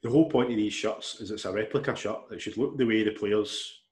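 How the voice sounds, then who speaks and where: A man's voice: lowish voice, brisk, a little mellow. A Scottish man co-hosting a podcast, chatting casually and explaining things bluntly, with the odd swear. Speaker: podcast co-host. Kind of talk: casual chat.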